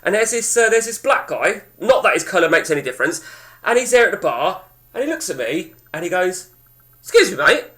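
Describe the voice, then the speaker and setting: A high-voiced man in his forties, chatting casually to his stream viewers. He swings up and down in pitch as he rambles through a story, swearing freely, and his voice has a bright, forceful edge. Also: very animated, fairly quick. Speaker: game streamer.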